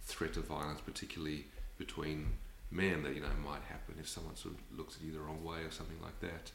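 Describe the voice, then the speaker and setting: A man's voice: a bass voice, little pitch movement, fast, creaky, a bit bright, slight background noise. An Australian man talking thoughtfully as an interview guest, rambling with many fillers. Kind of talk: reflective conversational interview. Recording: roomy echoey sound.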